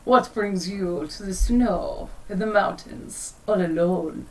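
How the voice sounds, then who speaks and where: A woman plays a smarmy camp boss who thinks himself the greatest lover alive. He speaks, slow and oily, full of pompous flattery. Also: medium pitch, lightly acted, low-quality recording. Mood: flirtatious. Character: smarmy French male camp boss, flirtatious villain.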